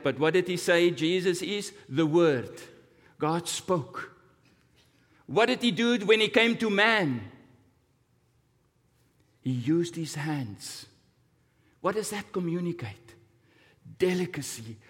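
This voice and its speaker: Slow dramatic preacher man, echoing hall. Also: a bit bright. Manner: slow, dramatic storytelling with big swings in pitch and volume. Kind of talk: sermon. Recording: long hall reverb.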